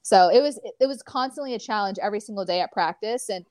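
A woman in her twenties from California, an athlete chatting casually as an interview guest, talking in animated stories full of fillers. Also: medium pitch, fast, no room sound, studio quality.

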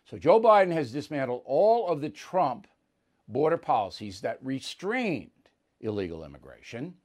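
A man's voice: medium pitch, very animated, normal speed, a little mellow. A man hosting a show of opinionated political commentary, talking bluntly and hammering his points with repetition. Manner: emphatic, blunt, repeats points for punch. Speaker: host.

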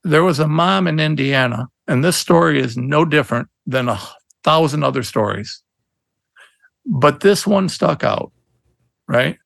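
Gravelly, earnest man telling a story. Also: on the high side, expressive, a bit bright, dry recording. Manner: earnest, emphatic, fast bursts with many restarts. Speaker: attorney, podcast guest. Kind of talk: conversational interview storytelling.

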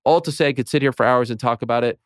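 A man in his late thirties with a medium-pitched voice talks at a racing pace, recorded in a clean studio with no echo. He's a podcast guest in a casual sports chat, speaking passionately and building into rants that rise in intensity.

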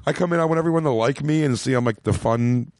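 In a small home studio room, a male comedian guest chats casually on a podcast with a mid-range, darkish voice. The studio-quality recording has no room sound, and he rambles, swears, and quickly acts out quotes in his stories.

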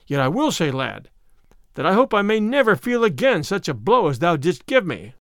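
A man's voice: high voice, very animated, moderate pace, a bit bright, dry recording, clean studio sound, exaggerated voice. A man voicing a proud, bruised male outlaw leader in a storybook reading, speaking in hearty, archaic phrases.

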